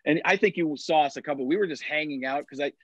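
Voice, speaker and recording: A man's voice: fairly high pitch, quick pace, no echo. A middle-aged man telling a long story in casual chat, with many restarts and fillers. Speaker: podcast guest. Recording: dull, lo-fi sound.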